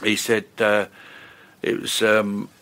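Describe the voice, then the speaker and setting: An older man, a session bass player chatting and rambling through stories as an interview guest. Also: monotone, slow, bright, forceful tone, a little hiss or hum. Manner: chatty, rambling, lots of fillers and restarts. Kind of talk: casual storytelling interview.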